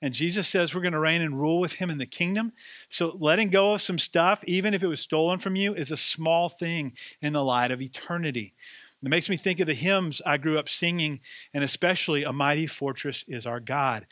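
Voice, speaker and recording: A man's voice: fairly high pitch, moderate pace, a bit bright, no echo. A man preaching a sermon as pastor, with a conversational, self-deprecating way of telling stories.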